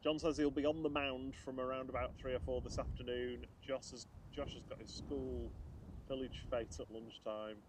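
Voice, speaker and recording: A man's voice: medium pitch, normal speed, noisy background. A man co-hosting a live plane spotting stream outdoors by a runway, casually reading out flights and chat messages. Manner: relaxed, reads out flight details and chat messages. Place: outdoors beside an airport runway.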